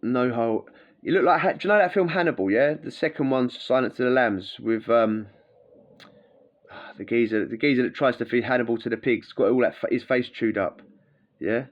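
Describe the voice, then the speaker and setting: A man's voice: medium pitch, normal speed, lo-fi sound. Slangy man telling stories. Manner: rambling and slangy, with many fillers and asides. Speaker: vlogger recounting prison life. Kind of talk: casual storytelling.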